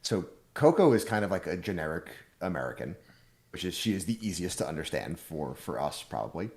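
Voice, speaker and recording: Very low voiced guy on a podcast, calm, picks apart the details. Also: gravelly. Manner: analytical, measured, explains at length. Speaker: podcast co-host. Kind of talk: casual chat.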